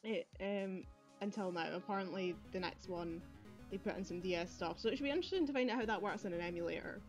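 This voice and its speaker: A woman's voice: medium pitch, fast talker, soft background music. A young woman giving chatty, rambling commentary while playing a video game, laughing often, recorded on earbuds. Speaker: let's play gamer. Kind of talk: casual gameplay commentary.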